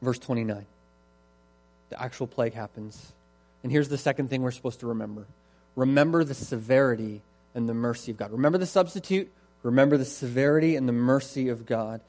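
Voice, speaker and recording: A man's voice: medium pitch, fairly quick, darkish tone. A man preaching a sermon in an earnest, emphatic way and repeating his key phrases.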